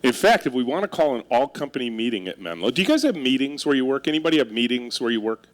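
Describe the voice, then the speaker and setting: A fast-talking middle-aged man with a medium-pitched voice delivers a funny keynote from the stage. The company leader spins wry, self-deprecating stories and draws in the live audience with questions.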